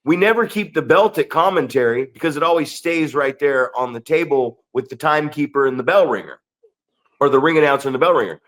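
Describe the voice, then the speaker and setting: A man's voice: on the high side, lively intonation, fairly quick, a bit bright. Profane man telling a rambling story. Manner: profane, rambling, keeps asking "right?". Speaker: podcast co-host and pro wrestler. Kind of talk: casual podcast storytelling.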